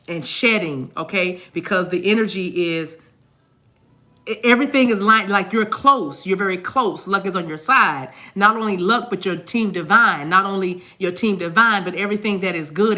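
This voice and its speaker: A woman talks through a tarot reading in a loose, rambling way, circling back and repeating herself as she goes. Her voice is bright and forward. She speaks casually and addresses viewers directly. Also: lowish voice. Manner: chatty, rambling, repeats words, sings snatches of songs. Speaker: tarot card reader.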